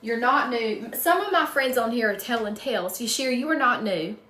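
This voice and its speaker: A woman's voice: fairly high pitch, lively intonation, normal speed, pushed and bright. A woman from North Carolina with a Southern accent, chatting casually and greeting viewers by name while she designs a wreath on a live stream. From North Carolina, USA. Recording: roomy echo, distant mic.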